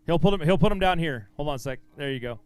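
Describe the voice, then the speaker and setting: A man's voice: on the high side, lively intonation, fast talker, darkish tone, clean tone, no echo. A man emceeing a fishing tournament weigh-in on an outdoor stage, upbeat and encouraging as he bantes with the anglers. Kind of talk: live weigh-in announcing.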